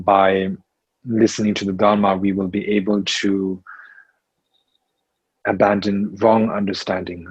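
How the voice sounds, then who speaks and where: A very low-voiced, husky man gives a Buddhist lesson at an unhurried, halting pace, often pausing on fillers and restarting his sentences. The recording sounds dull and dry, with little room around the voice. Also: dry recording. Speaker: Buddhist teacher. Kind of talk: Dharma teaching in English.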